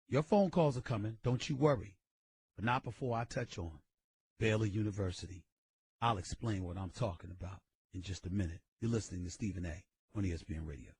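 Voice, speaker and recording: A male sports radio host giving an emphatic, loud, opinionated rant and hammering his points home. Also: fairly low pitch, fairly quick, a little hiss or hum. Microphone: studio microphone.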